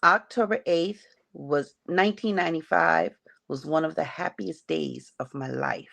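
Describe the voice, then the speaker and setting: A middle-aged woman slowly and haltingly telling a painful personal story as a podcast guest. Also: low voice, lively intonation, creaky, fairly bright tone. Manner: slow, halting, emotional retelling. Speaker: guest sharing her story. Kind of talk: personal testimony on a grief podcast.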